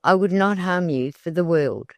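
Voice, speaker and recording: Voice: medium pitch, moderate pace, no room sound, lightly acted. A narrator voicing a sly folksy old countrywoman. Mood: coaxing. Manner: folksy rural speech.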